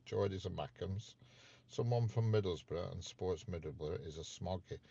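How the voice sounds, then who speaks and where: A man chats casually on a live stream, teasing his viewers with questions. His voice sits very low. The audio is muffled and lo-fi. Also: normal speed, vocal fry, mellow, husky, no echo. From north of England. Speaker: livestream host chatting with viewers.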